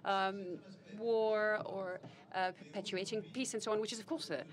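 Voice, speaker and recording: Interpreting a panel discussion in real time, a woman speaks at medium pitch with a steady tone, formal and measured. She frequently stalls on fillers and fixes her wording partway through phrases.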